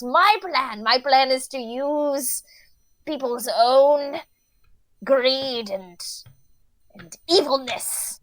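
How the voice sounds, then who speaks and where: A woman's voice: fairly high pitch, dry recording, poor audio. A woman playing a pompous demon schemer. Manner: pompous, flustered monologuing. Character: scheming ancient demon, an assistant manager.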